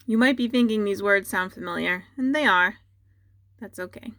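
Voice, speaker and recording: A woman teacher dictating a spelling test to students at home, repeating each word slowly and giving patient instructions. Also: medium pitch, fairly bright tone, no echo, clean studio sound. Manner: slow, deliberate dictation with repeated words.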